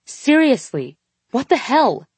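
A woman voicing a furious young woman in an audiobook, yelling and growling through clenched teeth. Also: on the high side, very animated, brisk, husky, no room sound, voice pushed up. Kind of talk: audiobook dialogue.

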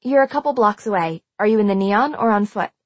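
A woman reading an audiobook, voicing the young female friend who calls to ask brisk, practical questions. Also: mid-range voice, expressive, no room sound, lightly acted. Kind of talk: audiobook narration.

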